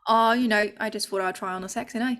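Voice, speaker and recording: A woman's voice: mid-range voice, fairly even intonation, rapid-fire, natural voice. A woman voicing a mischievous vampire who steals voices and calls everyone mate, teasing and cheeky.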